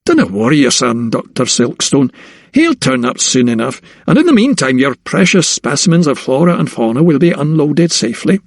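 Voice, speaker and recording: Scottish sea captain, put on by a male narrator, middle-aged and affable, slow drawn-out brogue. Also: a little high, big pitch swings, gravelly, dry recording, studio quality, full character voice.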